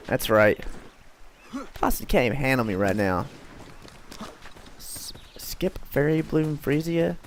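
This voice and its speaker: Playful gravelly man streaming a game. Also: medium pitch, animated, takes it slowly, pauses often, a little hiss or hum. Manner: playful, mutters to himself. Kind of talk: live gameplay commentary.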